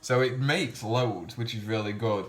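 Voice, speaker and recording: Here a home cooking vlogger speaks a little slowly in a lowish, somewhat bright voice. He chats and rambles while cooking in his kitchen, teasing himself along the way.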